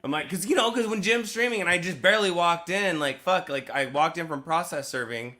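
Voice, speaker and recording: A man with a bright, forceful voice tells rambling stories about his work as a process server, swearing freely. He is heard over an online voice call. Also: on the high side, fairly quick. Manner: profane, rambling storyteller. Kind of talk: casual group call chat.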